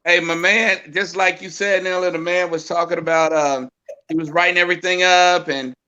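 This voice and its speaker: A man's voice: high voice, fairly even intonation, normal speed, bright, forceful tone, smooth, muffled recording. A man from Chicago telling a story as a guest in a casual chat, easygoing and laughing.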